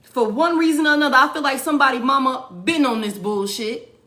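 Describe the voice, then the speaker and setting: A woman's voice: high voice, brisk, bright, forceful tone. A woman giving a casual tarot reading, blunt and profane, repeating lines for emphasis. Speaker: tarot reader.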